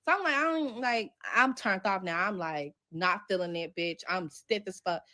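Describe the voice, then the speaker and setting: A woman's voice: mid-range voice, normal speed, bright, forceful tone. A woman telling a personal story casually and animatedly with lots of profanity, acting out the dialogue she quotes.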